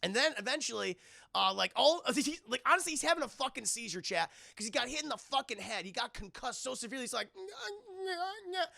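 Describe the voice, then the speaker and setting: A young man doing casual live-stream commentary, recapping a film with animated, profane enthusiasm. His voice sits high and swings widely, with lots of gravelly fry. The close mic sounds dry. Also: quick pace, no echo. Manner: animated, profane, laughing recap addressing chat.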